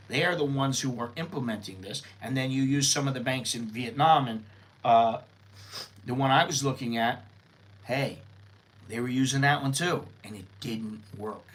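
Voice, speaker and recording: A man's voice: medium pitch, a bit bright, rough recording. A middle-aged American man hosting a casual livestream, talking bluntly and rambling, with casual swearing. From United States. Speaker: live-stream host. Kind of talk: casual news-and-views livestream.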